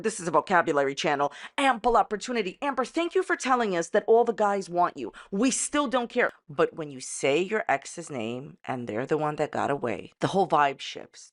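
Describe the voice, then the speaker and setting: A woman's voice: lowish voice, a bit bright. A woman ranting in a sarcastic, catty YouTube commentary, mocking with a repeated running joke. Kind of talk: casual commentary rant.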